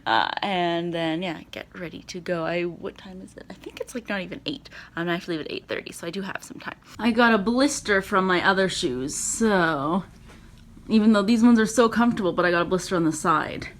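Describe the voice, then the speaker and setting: A young woman, vlogging in a casual, rambling chat that is full of fillers and easily excited. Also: lowish voice, fairly quick. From Canada. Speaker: vlogger and performance teacher.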